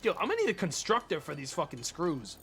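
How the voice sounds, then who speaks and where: A young man streaming a game live, talking to his chat, excitable and swearing often. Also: fairly high pitch, fast talker, soft background music.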